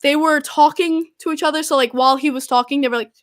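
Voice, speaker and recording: Speaking fast in a high-pitched voice, a young podcast host retells events casually, animated and exasperated, with "like" everywhere. The recording is dry and clean, studio quality.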